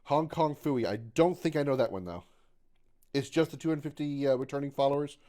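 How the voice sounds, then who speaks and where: A man's voice: mid-range voice, brisk, warm tone. A man in his thirties livestreaming a video game, chatting casually with his viewers, joking and swearing while he plays. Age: 30s. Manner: chatty, profane, reads chat aloud, frequent fillers. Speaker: gaming livestreamer. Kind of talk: casual live-stream chat while gaming.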